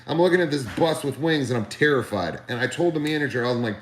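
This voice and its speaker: A man on a live stream telling a comedic story, animated, ranting and swearing freely. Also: mid-range voice, quick pace, few pauses, roomy sound.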